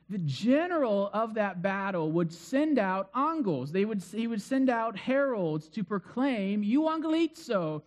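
A middle-aged man delivers a sermon in a casual, talkative manner, his voice sitting notably high. He keeps things light with quick asides and plenty of fillers. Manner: conversational, self-deprecating asides, many fillers. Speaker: pastor.

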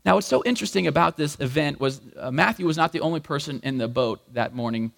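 A man preaching a sermon as pastor, animated and acting out the voices in the story. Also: fairly high pitch, quick pace, gravelly. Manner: animated, acts out voices in quotes. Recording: long hall reverb.

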